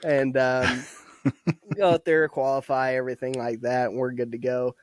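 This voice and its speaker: A man's voice: mid-range voice, level tone, moderate pace. A young man in his twenties, a podcast guest, telling army stories in a laid-back, casual way, swearing often and laughing a lot. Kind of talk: casual storytelling. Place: podcast studio.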